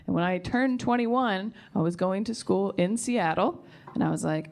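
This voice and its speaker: A woman's voice: medium pitch, normal speed, creaky, few pauses, darkish tone. A woman in her thirties doing stand-up, chatty and giggly, often asking the crowd questions. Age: 30s. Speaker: stand-up comedian. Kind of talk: stand-up comedy set. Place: comedy club stage. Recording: live club recording with crowd. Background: audience laughing.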